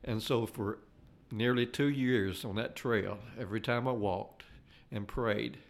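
An older man with a drawl tells his personal testimony in a fairly low voice. He is earnest and unpolished, stumbling and restarting his sentences as he goes. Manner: earnest, halting with frequent restarts. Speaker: layman giving a faith testimony.

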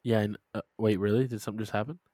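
A man's voice: lowish voice, steady tone, racing, dark tone, dry recording. A man co-hosting a casual podcast, teasing his friends with dry quips. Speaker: podcast co-host. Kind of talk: casual chat.

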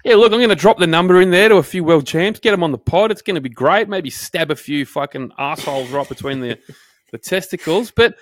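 A man's voice: fairly high pitch, fairly quick, dry recording. A young Australian man co-hosting a podcast, ranting in a profane, fired-up way and calling everyone mate. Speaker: podcast co-host. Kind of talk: casual comedic podcast rant.

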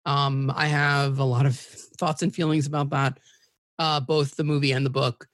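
A man's voice: medium pitch, flat delivery, moderate pace, a bit bright, no echo, studio quality. Rambling, eager man guesting on a podcast. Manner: rambling, self-correcting, eager. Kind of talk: casual chat.

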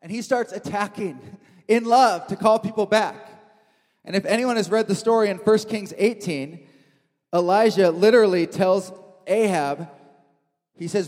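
High-voiced man preaching in a reverberant hall. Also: moderate pace. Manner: animated storytelling, acts out quotes. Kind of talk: sermon.

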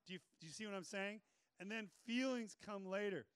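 A male pastor preaching a sermon in an energetic, joking way with playful asides. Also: high voice, a little fast, clean tone, dry recording.

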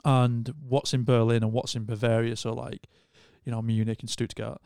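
A man's voice: medium pitch, level tone, moderate pace, gravelly, a little mellow, clear, resonant tone, dry recording, studio quality. A young man from Wigan with a Wigan accent, chatting casually and laid-back about touring, full of slang. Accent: Northern English, Wigan. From Wigan, England. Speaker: touring crew member, podcast guest. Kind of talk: casual chat.

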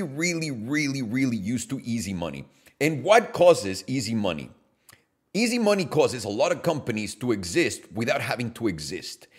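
A man hosting a podcast, giving an animated, casual opinion monologue with swearing and jokey asides. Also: mid-range voice. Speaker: podcast host.

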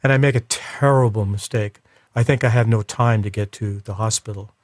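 A man's voice: on the low side, steady tone, fairly quick, dry recording, studio quality. A man as an interview guest, telling a personal story in an emotional, reflective way.

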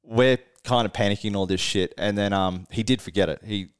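A man with a fairly low voice tells a tour story as a podcast co-host. He is lively and casual, often breaking into laughter mid-sentence, and swears freely as he goes. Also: brisk, smooth. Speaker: touring musician, podcast co-host.

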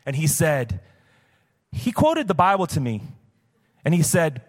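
Brief: male pastor, fairly high voice, candid conversational sermon, live church hall echo. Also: wildly swooping pitch, a little slow. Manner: conversational, candid preaching with casual asides. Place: church sanctuary, live service. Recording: long church hall reverb.

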